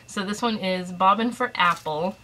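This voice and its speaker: A woman's voice: medium pitch, normal speed, pushed and bright, slight background noise, low-quality recording. A woman vlogging at home, chatting casually through an unboxing, a little out of breath and mildly stuffed up, with a camera resting on a shelf. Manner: chatty and rambling, with fillers.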